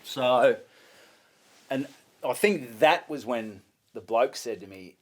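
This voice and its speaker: A man's voice: medium pitch, lively intonation, takes it slowly. A man with an Australian accent, a stand-up comedian, telling a story in casual chat, swearing freely and acting out both sides of each exchange.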